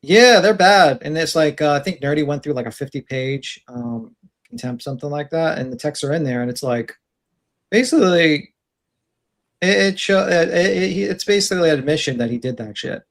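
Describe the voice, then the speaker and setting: A man's voice: a little high, expressive, normal speed. A man co-hosting a casual stream chat, rambling through stories and giving advice. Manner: rambling storyteller, gives advice.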